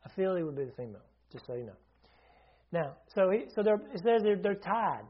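A man's voice: high-pitched, sing-song, fairly quick, muffled recording. A man preaching a sermon in a conversational teaching manner, often asking his listeners questions and restarting his sentences.

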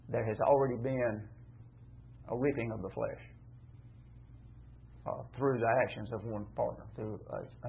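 Over a tinny, phone-like line, a man with a lowish voice and vocal fry teaches a Bible passage. His conversational sermon is emphatic and repetitive, driven by rhetorical questions.

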